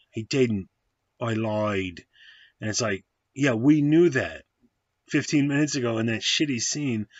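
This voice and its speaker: A low-pitched, husky man talks through a movie review in a loose, rambling way, correcting himself and swearing bluntly. The recording is dry and slightly dull, like a lo-fi home setup. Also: no room sound. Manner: rambling, digressive, with frequent fillers and self-corrections; blunt and profane. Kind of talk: casual spoken movie review.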